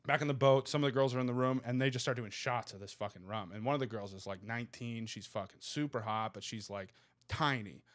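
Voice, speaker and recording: Fast-talking profane man telling stories. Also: mid-range voice. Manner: rapid, profane, laughing anecdotes. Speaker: comedian guest on a podcast. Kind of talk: casual storytelling.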